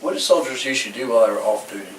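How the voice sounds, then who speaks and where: A man's voice: mid-range voice, expressive, rapid-fire. A young man interviewing a veteran, polite and brief, answering with "yes, sir". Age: young adult. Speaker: student interviewer. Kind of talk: interview questions. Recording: echoey room, distant mic, faint noise.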